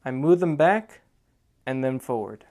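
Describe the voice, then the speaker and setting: A man's voice: medium pitch, animated, a little mellow. A young man hosting a dance tutorial, giving step-by-step instructions and checking in with "okay?" after each move. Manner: repeats "okay?" to check in, counts out moves slowly.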